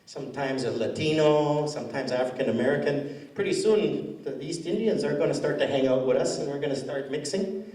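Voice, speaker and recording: A man's voice: on the high side, brisk, darkish tone, distant mic. Chatty man telling jokes in an echoey hall. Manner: rambling, chatty storytelling. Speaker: stand-up comedian. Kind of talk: stand-up comedy. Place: school hall.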